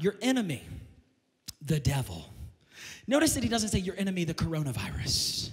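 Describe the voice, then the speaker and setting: A man preaching a sermon as pastor, impassioned and building to shouted climaxes. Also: a little high, very animated, a little fast. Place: church sanctuary. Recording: long reverb of a church hall.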